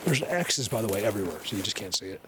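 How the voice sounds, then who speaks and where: A man vlogging casually while walking through a snowy forest, rambling and excitable, often laughing and dropping to a hushed voice. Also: lowish voice, racing, noisy background. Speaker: vlogger, Bigfoot researcher. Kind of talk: casual hiking vlog.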